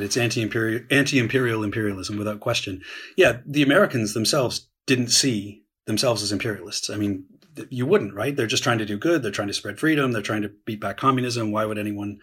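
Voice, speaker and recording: Man, husky voice, lowish pitch, long explanations, many restarts. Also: fairly quick, a bit bright. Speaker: historian guest. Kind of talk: conversational podcast discussion.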